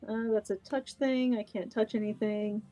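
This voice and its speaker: A woman's voice: medium pitch, steady tone, normal speed, warm tone. A woman playing a druid in a tabletop game, chirpy and laughing. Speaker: player. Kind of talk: casual tabletop play.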